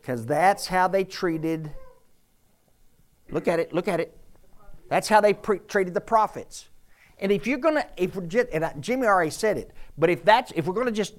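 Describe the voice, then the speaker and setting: An older preacher at medium pitch delivers an expressive, moderately paced sermon in a church. Teaching scripture interactively, he puts questions to the congregation, teases them and drives his points home with emphasis.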